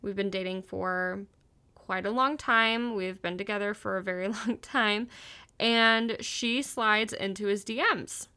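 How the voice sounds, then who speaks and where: A woman's voice: medium pitch, steady tone, a little slow, sharp tone, clear, resonant tone. A young woman hosting a podcast, telling a personal story in a candid, chatty way and swearing freely. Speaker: podcast host. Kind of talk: casual confessional storytelling.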